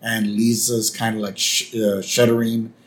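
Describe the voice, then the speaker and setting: A man's voice: fairly low pitch, little pitch movement, measured pace. A man co-hosting a podcast, laid-back and chatty, agreeing with lots of "yep" as he recaps an episode. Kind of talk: casual chat.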